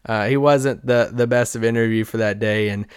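This man's medium-pitched, clean voice has fairly even intonation and a normal speed, recorded dry with clean studio sound. Hosting a podcast as a sports reporter, he shares a loose, rambling anecdote and laughs frequently as he goes.

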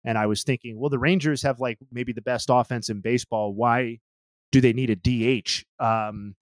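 Relaxed man hosting a sports podcast. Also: mid-range voice, normal speed, no echo. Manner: conversational, lots of ums, dry humor. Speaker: podcast host. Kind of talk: casual sports chat.

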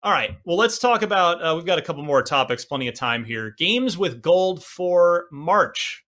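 A man's voice: fairly high pitch, animated, moderate pace, bright, forceful tone. A man in his forties hosting a casual gaming podcast, rambling and self-deprecating with many restarts. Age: 40s. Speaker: podcast host.

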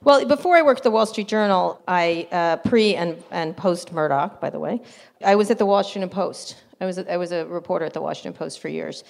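A woman's voice: on the low side, vocal fry. A middle-aged woman journalist being interviewed, telling stories bluntly and with animation, laughing often. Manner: blunt, animated, quick to laugh, mimics others in anecdotes. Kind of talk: casual storytelling interview.

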